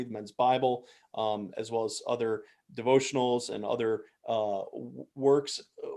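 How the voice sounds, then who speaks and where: A man hosting a ministry podcast, asking friendly, thoughtful questions with a casual, halting flow. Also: medium pitch, a little mellow. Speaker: podcast host. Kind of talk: conversational podcast interview.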